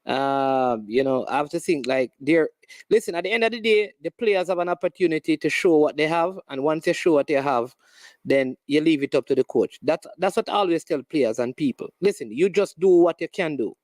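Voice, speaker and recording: Jamaican sports host with a dry voice. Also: male voice, on the high side, lively intonation, a little mellow, no room sound. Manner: friendly, affirming, quick to joke. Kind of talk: call-in radio chat.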